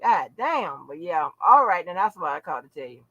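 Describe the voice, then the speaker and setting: A woman's voice: lowish voice, very animated, fairly quick, fairly bright tone, no echo, lo-fi sound. A middle-aged woman hosting her own channel, chatting casually to viewers in a brash, profane, laughing way and calling them baby and honey. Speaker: channel host.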